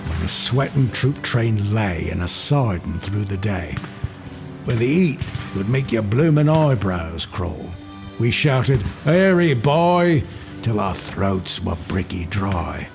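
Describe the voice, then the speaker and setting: A man giving a theatrical poetry recitation, voicing a rough soldier with dropped g's and sudden loud shouts. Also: fairly low pitch, animated, takes it slowly. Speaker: poetry reader. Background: music score.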